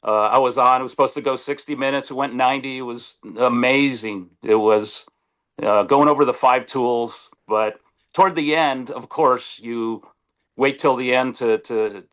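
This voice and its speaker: A man's voice: mid-range voice, moderate pace. Man telling stories on a video call. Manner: animated, restarts often, acts out quotes. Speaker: sportswriter guest. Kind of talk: casual storytelling on a video call.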